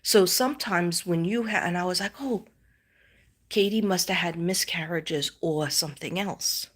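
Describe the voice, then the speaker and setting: A middle-aged woman with a low-set voice talks loosely on a live stream. She rambles, circling back often as she tells her story with animated asides. It is a relaxed, chatty psychic host. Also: moderate pace. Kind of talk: casual live-stream chat.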